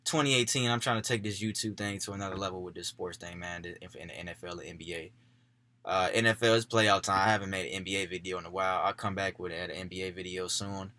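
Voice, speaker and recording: A young sports YouTuber goes through his football playoff picks for his channel in a laid-back way, dropping "man" into most sentences. He gets louder and more fired up when backing a pick. His voice is deep, fast and fairly even in intonation, with no echo.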